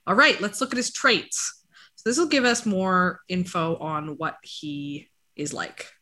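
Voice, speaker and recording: Woman reading dog dna stuff out loud, bright voice, rambly and jokey. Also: on the low side, unhurried. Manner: chatty, scattered, jokey asides to her dog. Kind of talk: casual chat.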